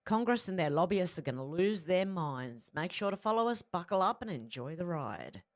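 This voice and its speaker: With lively intonation and a slightly low voice, an Australian woman who vlogs about politics works through social media posts aloud. She's casual, blunt and freely profane, tossing in quick mid-sentence comments as she goes.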